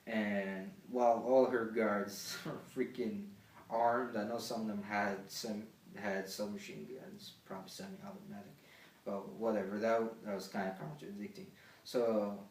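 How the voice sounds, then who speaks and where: A man's voice: on the low side, fairly even intonation, measured pace, distant mic, a little hiss or hum. A teenage boy telling a rambling, swear-filled story from school as a casual vlog, with many fillers. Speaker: vlogger. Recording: echoey room, off-mic.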